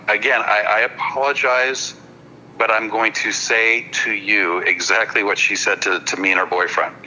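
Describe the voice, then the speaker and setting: Bright-voiced man telling a story. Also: lowish voice, slight background noise, low-quality recording. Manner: halting, repeats words while building a story; apologetic, checks in with listeners. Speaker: podcast guest, hypnotist comedian. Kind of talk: casual anecdote-telling on a podcast.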